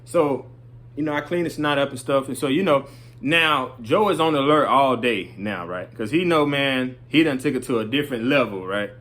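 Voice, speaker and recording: A man's voice: mid-range voice, lively intonation, moderate pace, fairly bright tone. Rambling man telling a story. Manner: rambling, loose, keeps checking in with "right?" and "you know". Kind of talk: casual storytelling.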